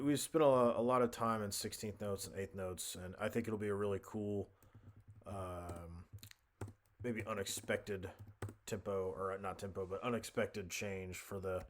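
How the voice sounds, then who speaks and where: A man with a deep, low voice talks through a composition tutorial at his desk mic. He thinks aloud, hesitating and correcting himself as he works. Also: slight background noise. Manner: thinking aloud, many fillers and self-corrections. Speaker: music composition instructor. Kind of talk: casual screen-recorded tutorial narration.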